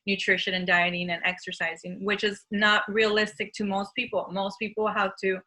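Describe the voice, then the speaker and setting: A woman's voice: mid-range voice, level tone, moderate pace, bright, forceful tone, rough recording. A young woman hosting a casual conversation, reflective and thinking aloud as she talks. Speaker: host.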